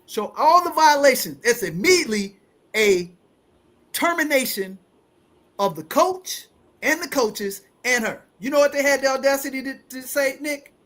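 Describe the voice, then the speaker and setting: Animated storytelling man in his forties. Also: very high-pitched, normal speed. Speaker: host. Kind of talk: casual storytelling.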